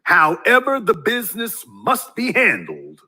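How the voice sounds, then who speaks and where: A man's voice: high voice, huge pitch swings, unhurried, pushed and bright, husky. A man giving a ranting commentary monologue in a preachy way, firing rhetorical questions at his viewers. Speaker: YouTube commentator.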